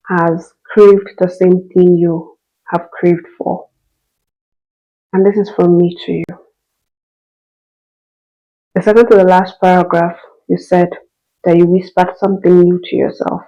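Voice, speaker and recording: A woman's voice: fairly low pitch, muffled recording. A woman hosting and speaking with earnest emotion, repeating phrases for emphasis. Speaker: host reading and responding to a listener's story. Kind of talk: heartfelt spoken reflection.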